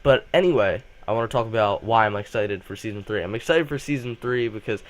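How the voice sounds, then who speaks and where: A young man, a student, hosting a casual fan vlog, rambling excitedly with lots of fillers and restarts while coming down with a cold. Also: lowish voice, fairly quick. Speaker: channel host.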